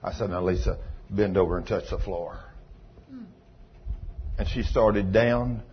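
A man preaching a sermon, telling healing stories in a folksy way that moves from hushed retelling to loud praise. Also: low-pitched, measured pace, slightly rough. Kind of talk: sermon storytelling. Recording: dull lo-fi recording with faint noise.

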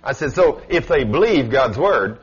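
A man preaching a sermon, telling stories in a folksy way with dramatic swings in pitch and loudness. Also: very animated, moderate pace, breathy edge, muffled recording.

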